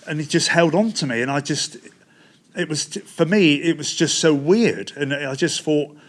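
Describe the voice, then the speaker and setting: A middle-aged man with a Devon English accent, telling his personal story with halting restarts and quoted bits of conversation. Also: on the high side. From England. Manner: recounts events with quoted dialogue, halting restarts. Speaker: testimony speaker.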